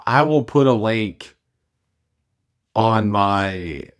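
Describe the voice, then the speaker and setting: A male author from Arkansas, chatting in a relaxed, halting way and then reading his own essay aloud. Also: on the low side. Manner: relaxed, halting, with many ums and uhs. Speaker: author, guest.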